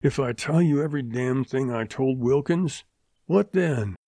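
A man voicing a battered young male gunman in his twenties, held captive, hoarse and desperate, cursing his captors in a western audiobook. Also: mid-range voice, measured pace, warm tone, no echo, clean studio sound. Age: 20s. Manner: desperate, defiant, spitting curses.

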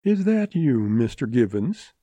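A man voicing a proud young ranch girl, speaking in a deliberate, sweetly cool way in a raised voice. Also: mid-range voice, big pitch swings, dark tone, no echo, voice pushed up.

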